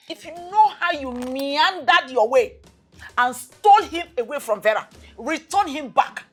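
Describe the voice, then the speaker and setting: A woman with a Nigerian accent playing a stern, preachy mother who scolds and shouts at her daughter in a film drama. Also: high-pitched.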